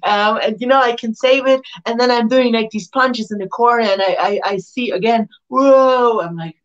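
A woman's voice: a little high, normal speed, lo-fi sound. A woman, a professional wrestler telling stories as an interview guest, laughing often and acting out the voices of the people she quotes. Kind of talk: casual storytelling.

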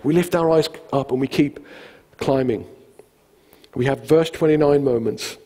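A man's voice: medium pitch, measured pace, big-room sound. A man, a pastor preaching a sermon, telling the stories conversationally and acting out the quotes. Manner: conversational, animated storytelling with acted quotes. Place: church hall.

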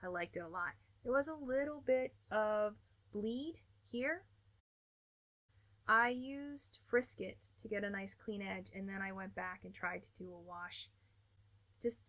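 Bright-voiced upbeat American woman. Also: mid-range voice. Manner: chatty and upbeat, with small laughs and restarts. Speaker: art channel host. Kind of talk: casual product review.

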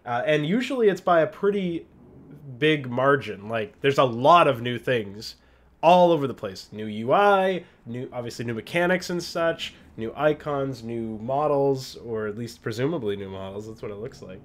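Hosting a let's-play, this man talks about his game with chatty enthusiasm at normal speed. His voice is mid-range and animated.

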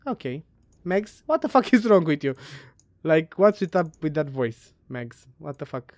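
A woman's voice: deep voice, sing-song, a little slow, a little mellow, dry recording, studio quality. A woman playing a puzzle game and giving let's play commentary, muttering, swearing and laughing to herself. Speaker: gamer.

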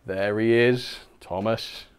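A young man with a lowish, smooth voice speaks slowly, with fairly even intonation, as host of a model railway livestream. He's casual and chatty toward his viewers, laughing often, ribbing himself and reading the chat aloud.

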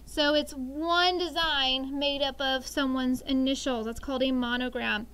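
A high-pitched woman leads a sixth grade vocabulary lesson. She talks in a chatty, explaining way, leaning on everyday examples and tagging many points with a quick "okay?". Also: fairly even intonation, a bit bright, smooth, poor audio.

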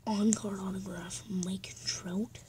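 A woman opening trading card packs on her channel, speaking slowly and often dropping to a hushed whisper, then getting excitable. Her voice sits in a middle register. Loud crinkling and tearing of wrappers fills the recording. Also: mid-range voice, a little hiss or hum, rough recording. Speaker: channel host. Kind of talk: card-pack opening vlog.

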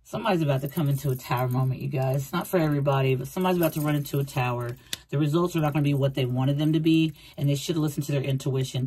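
Chatty woman tarot reader, husky voice. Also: deep voice, dark tone. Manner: chatty, rambling, repeats phrases, acts out quoted thoughts. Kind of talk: casual tarot reading.

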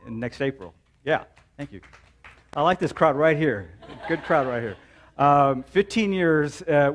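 A pastor in his forties preaches in a church, his mid-range voice a bit bright. He tells a story casually, scattering plenty of "um"s and "right?"s.

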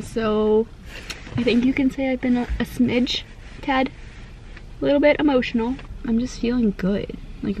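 A young woman vlogging from inside a parked car, talking quietly and softly in a chatty, giggly, rambling way. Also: a little high, lo-fi sound, slight background noise. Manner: talking quietly, soft-spoken. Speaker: family vlogger. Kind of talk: casual vlog chat.

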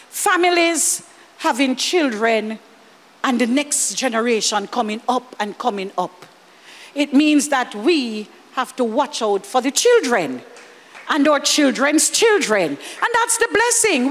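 A woman with a Jamaican accent preaching a lively sermon, slipping into Jamaican Creole and chuckling as she speaks. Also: high-pitched, long reverb tail. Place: church hall.

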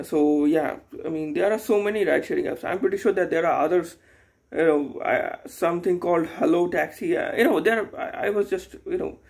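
A man's voice: high voice, creaky, a little mellow. A young man, talking casually to camera in a hesitant, rambling way, full of fillers and restarts. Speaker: YouTuber. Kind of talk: casual unscripted vlog monologue.

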